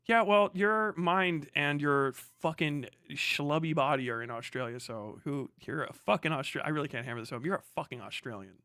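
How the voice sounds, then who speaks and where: A man's voice: on the high side, normal speed, hardly any pauses, bright, forceful tone, smooth, no room sound, studio quality. An American man streaming a profane, sarcastic rant as he reacts to a clip, laughing often as he mocks. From United States.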